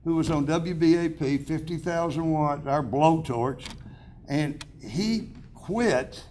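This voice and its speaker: A man's voice: on the high side, slow, a little mellow, slight background noise. Older man telling folksy stories. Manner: chatty storyteller with self-deprecating humor, restarts and chuckles. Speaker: award honoree giving acceptance speech. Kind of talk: folksy anecdotal speech. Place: awards banquet hall.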